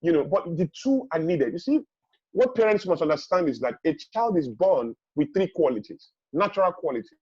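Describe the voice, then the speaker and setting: Middle-aged man, raised pitch, a touch of rasp; emphatic, repetitive advice giver, flat dull call audio. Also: a little fast, no room sound. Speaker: guest speaker. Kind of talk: advice talk in a webinar. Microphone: video call.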